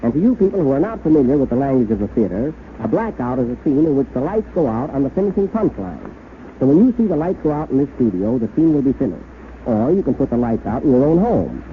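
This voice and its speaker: Man, comedy radio host, breezy wry delivery, lively voice, tinny 1930s broadcast sound. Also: medium pitch, fast, a little hiss or hum.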